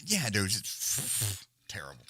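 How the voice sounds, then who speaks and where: Man, live-stream host, low voice, bright edge, swears a lot, rambling. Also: unhurried, breathy edge. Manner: rambling, profane, animated. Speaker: livestream host. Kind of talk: casual live-stream chat.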